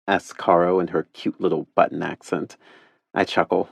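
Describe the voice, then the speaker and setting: A man narrating a first-person audiobook in a wry, playful, expressive way. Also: low voice, normal speed, vocal fry, breathy edge, no echo.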